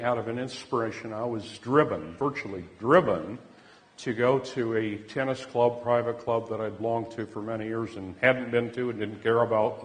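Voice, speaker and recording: An older man telling a personal story in an earnest, halting way, often repeating words as he goes. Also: lowish voice, long reverb tail. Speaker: speaker giving a personal testimony.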